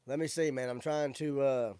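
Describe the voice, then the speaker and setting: A man's voice: mid-range voice, fairly even intonation, normal speed, dark tone, smooth, dry recording. A man hosting a casual live-stream, chatting loosely with viewers in a laid-back way. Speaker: livestream show host. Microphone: studio microphone with audio interface.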